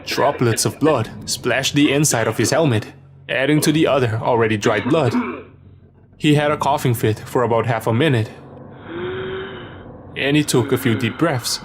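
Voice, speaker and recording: A man reading a scripted first-person horror story as narrator, in a steady storytelling manner. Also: mid-range voice, normal speed, pauses often, noisy background.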